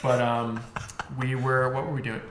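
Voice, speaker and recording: Animated young man telling a story. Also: mid-range voice, unhurried. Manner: animated storyteller, swears, acts out voices. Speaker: podcast co-host. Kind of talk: casual chat. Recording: echoey room with faint noise.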